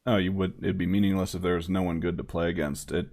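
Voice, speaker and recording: A man's voice: sits low, flat delivery, quick pace, gravelly, a little mellow. A man hosting a sports podcast, musing reflectively and asking his guest questions. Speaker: podcast host. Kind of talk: casual podcast interview.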